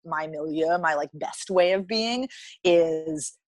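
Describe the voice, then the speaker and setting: A woman's voice: low voice, slow, no echo, low-quality recording. An American woman being interviewed as a dialect coach, explaining in a chatty way with many fillers and restarts. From United States. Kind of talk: conversational podcast interview.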